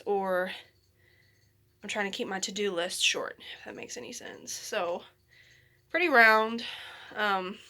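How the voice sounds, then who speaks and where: A woman's voice: medium pitch, sharp tone, dry recording. A young woman chatting casually in a pregnancy update vlog from her bedroom. She is a little out of breath and talks in a rambling, apologetic way with many ums, filming on a handheld phone. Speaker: vlogger. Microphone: handheld phone camera at arm's length.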